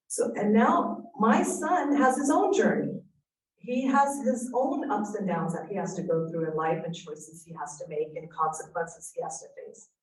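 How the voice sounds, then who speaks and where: A woman's voice: medium pitch, darkish tone. A woman giving an earnest, reflective talk to a parenting audience, telling stories to make her points. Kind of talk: inspirational talk. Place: event room. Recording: echoey room, voice from a distance.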